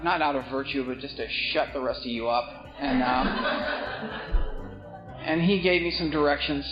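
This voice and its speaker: A man telling his recovery story with wry, self-mocking humor, acting out the people he meets. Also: on the high side. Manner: wry, self-mocking, acts out other voices. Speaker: recovery meeting speaker. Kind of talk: comedic storytelling talk. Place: meeting hall with live audience. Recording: roomy, muffled hall recording with music.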